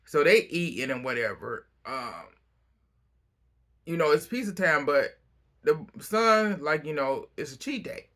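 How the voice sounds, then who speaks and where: A man casually recapping a reality TV episode, chatty and opinionated, breaking into animated asides. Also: a little high, measured pace.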